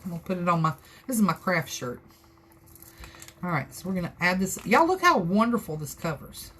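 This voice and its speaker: A woman's voice: on the low side, expressive, a little fast, fairly bright tone, husky. A woman with a Southern US accent chatting her way through a live crafting tutorial, rambling and folksy as she talks to her viewers. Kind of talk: casual how-to chat.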